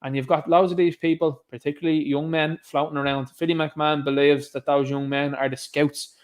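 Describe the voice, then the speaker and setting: An Irish man with a fairly high-pitched voice talks straight to camera in a solo commentary. His delivery is sarcastic and scoffing, full of rhetorical jabs. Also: little pitch movement, fairly quick. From Ireland. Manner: sarcastic, scoffing, mocks others in put-on voices. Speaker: online commentator.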